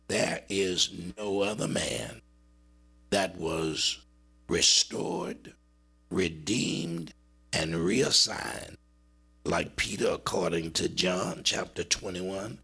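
A man preaching a dramatic sermon, swinging between high urgent cries and low murmured passages. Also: very slow, vocal fry, bright, forceful tone, husky.

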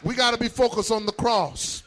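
A man preaching a sermon, fervent and sing-song, building up to shouted lines. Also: very high-pitched, animated, normal speed. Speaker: pastor.

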